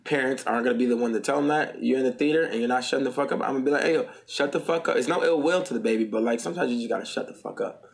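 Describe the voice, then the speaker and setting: A man jumps into a casual comedy panel debate at a quick clip. He rambles, swears freely and acts out little exchanges in other voices to make his case. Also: medium pitch, creaky. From Armenian heritage.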